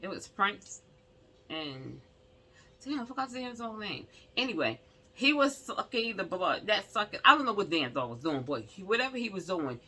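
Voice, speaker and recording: A woman's voice: mid-range voice, sing-song, normal speed, bright, forceful tone, slightly rough. A woman casually telling a personal story to her viewers, emphatic and rambling, with many asides to the audience.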